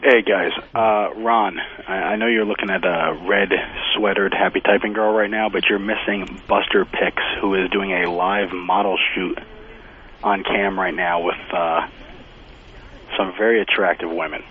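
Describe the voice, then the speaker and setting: Guy calling in on a tinny phone line, low voice, casual and a bit halting, faint hiss. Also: steady tone. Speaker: caller. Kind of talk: phone-in call.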